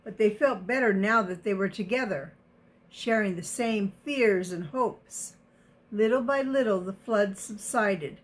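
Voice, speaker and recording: A woman reading a picture book aloud to children, gently stopping to explain words and ask questions. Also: mid-range voice, unhurried. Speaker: storybook reader.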